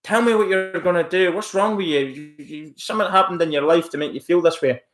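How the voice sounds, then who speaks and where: A man's voice: high voice, fairly quick, fairly bright tone. A man live-streaming from home, rambling casually as he reacts to chat messages and mocks a troll. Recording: roomy echo.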